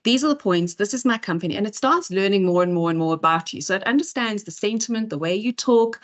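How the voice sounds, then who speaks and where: A woman's voice: medium pitch, fast talker. Chatty woman giving an event talk. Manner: chatty, lively, lots of fillers and asides. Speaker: event speaker. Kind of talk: conference talk. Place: in-person event venue.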